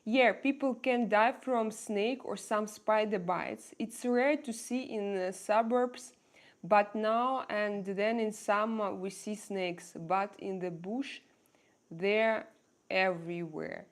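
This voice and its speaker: A woman's voice: mid-range voice, takes it slowly. A woman chatting casually on a daily live stream, asking her viewers question after question in non-native English.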